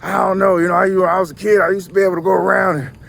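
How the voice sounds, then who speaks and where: A man's voice: high-pitched, level tone, racing, gravelly, fairly bright tone, a little hiss or hum, pitched above the performer's own voice. Man putting on a grumbling Southern old-timer. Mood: grumbling nostalgic. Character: complaining Southern older white man friend.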